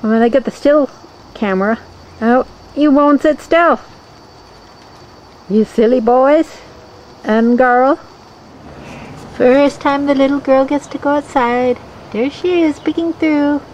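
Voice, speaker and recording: A woman's voice: sits high, takes it slowly, long pauses, darkish tone, slight background noise. A woman filming her pets outdoors on a handheld camera, coaxing them in sing-song baby talk. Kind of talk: home video, talking to pets. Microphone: handheld camera mic.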